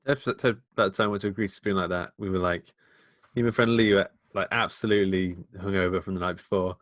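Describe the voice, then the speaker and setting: A man with a Midlands accent talks casually as a podcast co-host. His voice sits on the low side and is recorded dry and close, and his rambling stories keep breaking into laughter. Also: fairly even intonation, fast talker, a bit bright, no echo. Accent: English Midlands. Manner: chatty, laughs often, rambling. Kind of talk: casual film chat.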